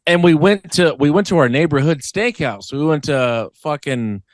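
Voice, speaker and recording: A young man co-hosting a casual late-night podcast, joking and swearing, now and then breaking into squeaky silly voices. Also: moderate pace, dry recording. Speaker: podcast co-host.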